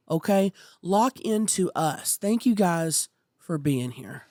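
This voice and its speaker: A woman co-hosting a podcast in casual chat, playful with sudden excited squeals. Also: fairly low pitch, slow, dry recording, clean studio sound. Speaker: podcast co-host.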